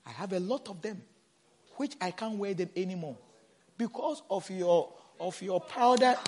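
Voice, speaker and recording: High-voiced preaching pastor, loud then hushed. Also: male voice, breathy edge. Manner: swings between shouted emphasis and soft low asides; repeats words for emphasis, asks the congregation questions. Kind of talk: sermon.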